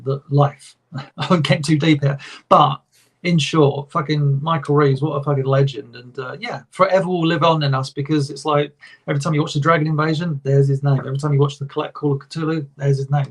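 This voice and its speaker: A man's voice: a little high, gravelly, slightly rough. A man co-hosting a podcast, talking with enthusiasm in a rambling way and swearing often. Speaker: podcast co-host. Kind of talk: casual chat.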